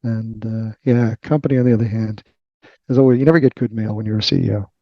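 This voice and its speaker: A man with a Boston accent, a company CEO answering interview questions in a halting way, with many fillers and restarts. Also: lowish voice, steady tone, no room sound, lo-fi sound. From Boston area.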